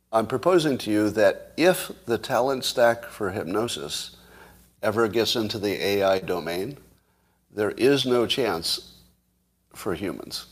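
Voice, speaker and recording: A man in his fifties or older with a slightly husky, lowish voice hosts his own show, talking straight to his viewers. He is playfully boastful and fond of hyperbole. He deliberately moves between a slow, soothing calm and a faster, worked-up delivery. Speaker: show host. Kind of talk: casual monologue to viewers.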